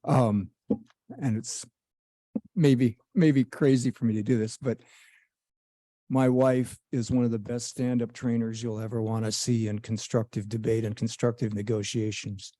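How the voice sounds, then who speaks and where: A man's voice: mid-range voice, flat delivery, a little slow, mellow, no room sound. A man making a brief public comment at a board meeting, casual and a little self-deprecating.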